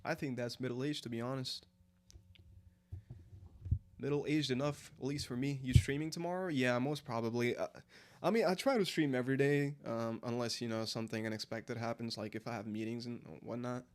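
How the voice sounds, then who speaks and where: A man's voice: mid-range voice, steady tone, normal speed. Guy in his 20s rambling on his stream, um and like everywhere, regular mid voice. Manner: rambling, filler-heavy, answers chat aloud. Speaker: live streamer. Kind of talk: casual late-night stream chat.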